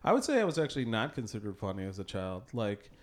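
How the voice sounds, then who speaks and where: Man, podcast co-host, lowish voice, casual deadpan storytelling. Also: quick pace. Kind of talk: casual chat.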